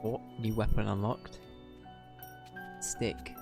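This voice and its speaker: A playful male streamer chatting casually while he plays, in a lowish voice. He jokes around between lines of dialogue. Game music plays clearly behind him. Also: flat delivery, slow pace. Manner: playful, reads dialogue aloud. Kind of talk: casual gameplay commentary.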